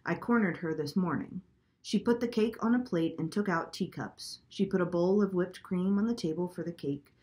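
A woman reading a children's chapter book aloud at a clear, steady pace. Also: lowish voice, moderate pace, hardly any pauses. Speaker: storybook reader.

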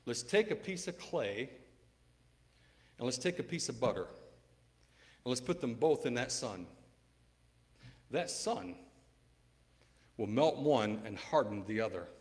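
A man's voice: mid-range voice, animated, unhurried, long pauses. A man, a preacher in a formal debate, arguing insistently, repeating key words and reading Bible verses aloud in old-fashioned wording. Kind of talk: debate rebuttal with scripture reading.

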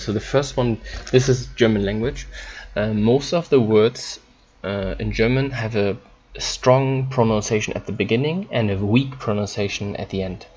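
A man teaching German in an online lesson, explaining in halting English with frequent ums and repeated words. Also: on the low side, a little mellow, husky, muffled recording.

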